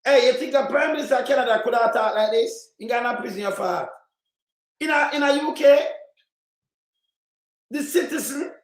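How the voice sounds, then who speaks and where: A man with a Jamaican accent ranting angrily about politics in patois, repeating himself and bursting into shouts. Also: very high-pitched, normal speed, pauses often, reverberant, poor audio. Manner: heated, repetitive, bursts into shouting. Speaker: commentator. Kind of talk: angry political rant in patois.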